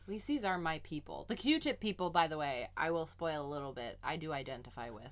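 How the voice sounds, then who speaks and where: Low-pitched woman, playful podcast co-host. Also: lively intonation, brisk. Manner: playful, jokey asides. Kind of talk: casual chat.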